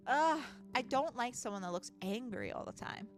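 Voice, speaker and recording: Chatty woman streamer, casual and profane, high lively voice. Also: moderate pace, few pauses, faint music behind. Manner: chatty, swears freely, laughs often. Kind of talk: casual gaming commentary.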